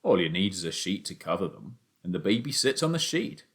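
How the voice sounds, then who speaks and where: A man voicing a boy's father, a rural working man, who talks in a low, steady, earnest way. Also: brisk, heavily acted.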